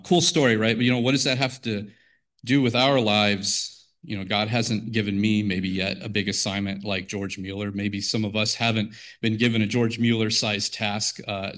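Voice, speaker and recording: A man's voice: on the low side, fairly bright tone. A man giving an informal devotional talk to teachers, wordy and conversational, often restarting his sentences. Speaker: devotional speaker.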